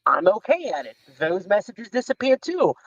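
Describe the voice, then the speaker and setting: A man guest telling a long story in casual chat, rambling and animated, acting out the lines of others. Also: high voice, moderate pace, no echo. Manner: rambling, animated retelling with quoted dialogue. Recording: slightly dull lo-fi sound.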